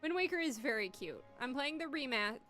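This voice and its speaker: A woman's voice: high voice, expressive, brisk, sharp tone, faint music behind. A woman giving casual, chatty let's-play commentary, swearing and poking fun at herself. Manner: chatty, swearing, self-mocking. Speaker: gaming streamer.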